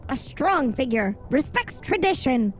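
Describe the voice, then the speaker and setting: A woman voicing a pompous male rat who talks flatly and haughtily, with clipped pronouncements. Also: high-pitched, a little slow, soft background music, voice pushed up. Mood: haughty.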